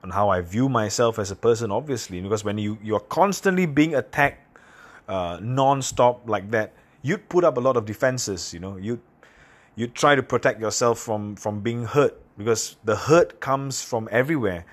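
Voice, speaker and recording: A man from Singapore, hosting a podcast and telling personal stories in a candid, halting, self-deprecating way. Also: mid-range voice, expressive. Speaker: podcast host. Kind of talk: casual personal monologue.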